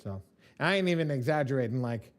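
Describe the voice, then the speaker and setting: A man's voice: mid-range voice, animated, a little fast, a little hiss or hum. A man teaching a live online class from home, chatting loosely and telling jokey stories in slang. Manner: loose, joking storyteller with slang. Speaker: credit dispute trainer.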